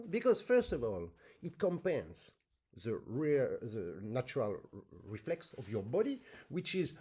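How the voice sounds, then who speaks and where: Animated man teaching accordion. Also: on the high side, a little slow, breathy edge. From France. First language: French. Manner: animated, sings rhythms in syllables, non-native English phrasing. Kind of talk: masterclass teaching with sung demonstrations.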